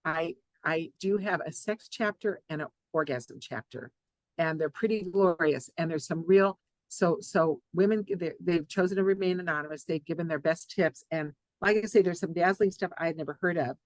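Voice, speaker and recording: A woman psychologist and author, a guest on a podcast interview, tells jokes and reads from her own book in a playful, animated way. Her voice is on the low side at a normal speed, with no echo but rough recording quality.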